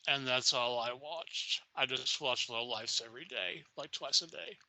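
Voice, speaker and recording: A man's voice: mid-range voice, moderate pace, pushed and bright, low-quality recording. An older man with a Southern US accent, chatting enthusiastically and rambling as a podcast co-host. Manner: enthusiastic, rambling, swears casually. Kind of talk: casual chat.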